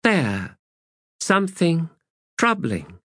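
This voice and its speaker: A man playing a cryptic undead warrior woman in an audiobook, clipped and terse. She speaks slowly, her pitch shifts a lot, and the sound is dry. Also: wildly swooping pitch, fairly bright tone, no echo, exaggerated voice.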